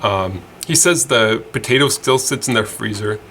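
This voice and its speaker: A man's voice: fairly low pitch, moderate pace, bright, forceful tone, a little hiss or hum. A man hosting a casual weird-news show, chatty and rambling with lots of fillers and restarts. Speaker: host.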